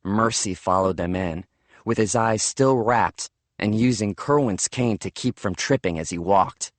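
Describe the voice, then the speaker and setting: Man reading a first-person audiobook, slow and steady, dry studio sound. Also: fairly low pitch, no echo. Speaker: audiobook narrator.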